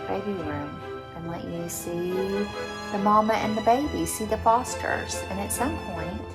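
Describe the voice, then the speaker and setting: A woman, chatting casually to her viewers as host of a crochet channel. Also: gravelly. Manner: chatty and relaxed, rambling; high sing-song baby talk to her cats. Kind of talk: casual chat to camera.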